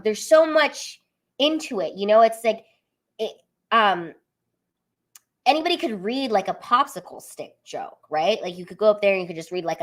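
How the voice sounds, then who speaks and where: A woman's voice: medium pitch, fairly bright tone. A young woman comedian chatting casually on a live stream, full of fillers and reading out viewer comments.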